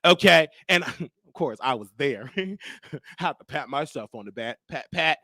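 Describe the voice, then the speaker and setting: A man's voice: on the high side, measured pace, dry recording, clean studio sound. A man hosting a show, telling a story in casual commentary and animatedly acting out the exchanges he describes. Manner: animated, acts out quoted exchanges. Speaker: host.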